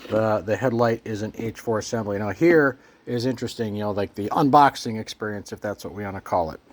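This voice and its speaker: A man's voice: fairly low pitch, a little fast, slight background noise. Easygoing man narrating a motorcycle fix. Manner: relaxed, plain-spoken, thinking aloud with restarts. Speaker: motorcycle owner showing a repair. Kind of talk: casual how-to narration.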